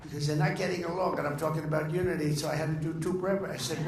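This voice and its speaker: Talking very fast with few pauses, an older man at a political dinner delivers rambling, boastful anecdotes off the cuff in a highish, creaky voice with fairly even intonation. Crowd noise and faint ambience fill the echoey large dining room.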